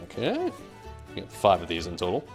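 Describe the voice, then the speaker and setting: Brief: young American male streamer, cooking live, rambling jokey chat, low voice that swings widely, faint music underneath. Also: huge pitch swings, a little fast. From United States. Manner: rambling, joking, reads chat aloud.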